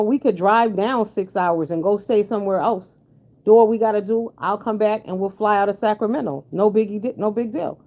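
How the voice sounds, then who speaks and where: Blunt sassy woman vlogger, lo-fi. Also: medium pitch. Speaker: commentary vlogger. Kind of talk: casual commentary chat. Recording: dull lo-fi sound.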